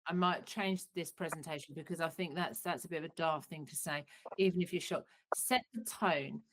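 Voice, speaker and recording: A woman's voice: deep voice, normal speed, fairly bright tone, low-quality recording. A middle-aged woman psychotherapist, giving earnest, practical advice in an online workshop, often restarting her sentences.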